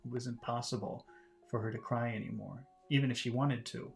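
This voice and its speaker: A man's voice: medium pitch, fairly even intonation, brisk, vocal fry, soft background music. A man teaching English by reading a classic novel aloud and patiently explaining its words in plain terms.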